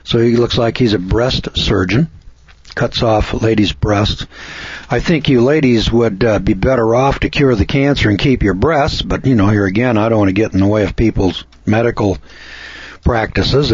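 Husky farmer type, emphatic and repetitive delivery; dull lo-fi audio. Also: male voice, fairly low pitch, no room sound. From Missouri, USA. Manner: emphatic, repeats lists of words for stress. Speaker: dairy farmer and presenter. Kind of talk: folksy monologue to camera. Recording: dull lo-fi recording.

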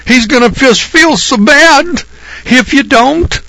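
A man putting on the voice of a whining, pleading preacher, high and wheedling. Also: takes it slowly, pushed and bright, no echo, full character voice. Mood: mocking. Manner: wheedling, whiny, high falsetto. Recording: dull lo-fi recording.

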